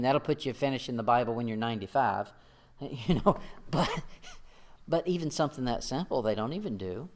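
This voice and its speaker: A man preaching a sermon in a folksy way, reading scripture aloud and chuckling at his own remarks. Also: mid-range voice. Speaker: pastor.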